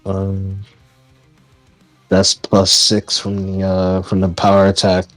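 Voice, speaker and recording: A man playing a tabletop game, giving short, unhurried answers about his character's attacks. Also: low-pitched, monotone, a bit bright, no echo, faint music behind. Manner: slow, short replies. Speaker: player.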